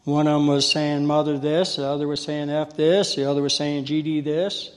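Fiery folksy preacher in a reverberant hall. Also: male voice, fairly high pitch, little pitch movement, moderate pace. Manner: folksy storytelling, calls for congregation response; gets loud when fired up. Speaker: lay preacher. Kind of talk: sermon.

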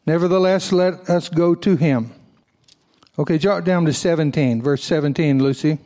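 This man's sermon comes in a fairly high but dark-toned voice, delivered at a moderate pace. The pastor reads from scripture, pauses for homespun remarks to the congregation, and lifts his voice during emphatic moments.

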